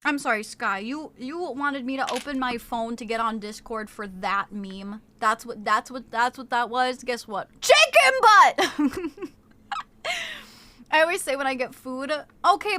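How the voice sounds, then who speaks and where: A young woman streaming from home, chatting casually with viewers in a bubbly, excited way while snacking on crackers. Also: high-pitched.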